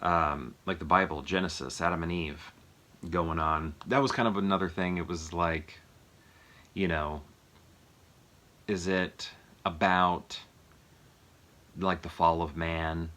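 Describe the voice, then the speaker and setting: A man's voice: low voice, fairly even intonation, slow, pauses often, pushed and bright. A man casually reviewing a film as a vlog host, rambling with lots of fillers and chuckles. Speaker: movie review vlogger. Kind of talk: casual chat.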